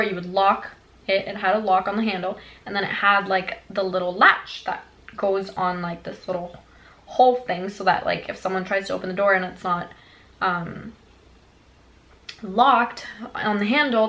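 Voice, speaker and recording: A young woman vlogger telling a childhood story in a chatty, animated way, full of fillers. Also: medium pitch, normal speed, rough recording. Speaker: beauty vlogger. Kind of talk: storytime vlog.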